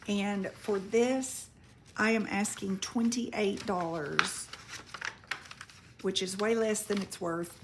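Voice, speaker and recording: With a medium-pitched voice and slight background noise, this woman walks viewers through her vintage paper and craft goods in a casual presale video. She sells crafts online, chats unhurriedly, examines each piece up close, and trips over foreign words.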